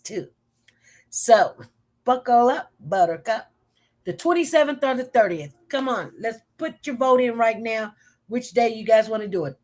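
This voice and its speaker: Chatty woman hosting a live stream. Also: fairly high pitch. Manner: chatty, emphatic storytelling with acted-out quotes. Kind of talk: casual live stream chat with viewers.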